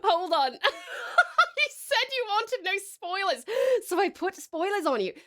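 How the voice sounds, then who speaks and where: Australian woman, high bright voice, bubbly and giggly, excitable live-stream chat. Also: measured pace. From Tasmania, Australia.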